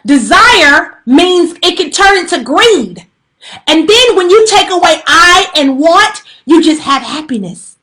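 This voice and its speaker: A woman's voice: very high voice, big pitch swings, slow, sharp tone. A woman on a live stream delivering an emphatic spiritual plea, preachy and repetitive, with casual slang and many fillers. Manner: preachy, emphatic, repeats pleas and warnings; casual slang-laced talk with frequent fillers. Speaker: livestreamer giving a spiritual message. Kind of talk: impassioned direct-address livestream plea. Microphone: phone on a live stream.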